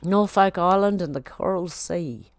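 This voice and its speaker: A woman's voice: lowish voice, measured pace, dry recording. Chatty Australian woman reading comments. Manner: chatty, reads chat comments aloud, scolds her cat. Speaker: vlogger reading live chat. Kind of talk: casual live-stream chat.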